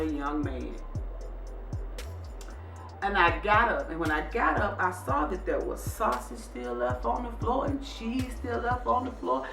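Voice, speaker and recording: A woman hosting a casual vlog, telling viewers a story and acting out how she scolded her son. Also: lowish voice. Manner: animated, scolding retelling. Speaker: vlog host. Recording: echoey room, distant mic, faint music.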